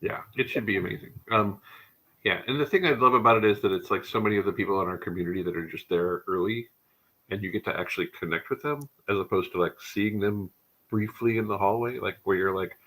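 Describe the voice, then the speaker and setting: A man hosts a casual tech livestream, his voice bright and forward with a husky edge that sits a little low. He talks with real enthusiasm and drifts into rambling asides. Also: fast talker, poor audio. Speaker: show host.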